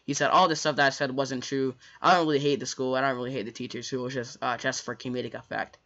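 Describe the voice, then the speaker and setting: A man's voice: medium pitch, steady tone, fast talker, a bit bright. A man telling a school story in a casual, rambling storytime monologue, full of fillers, restarts and slangy asides. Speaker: storyteller vlogger. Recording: dull lo-fi recording.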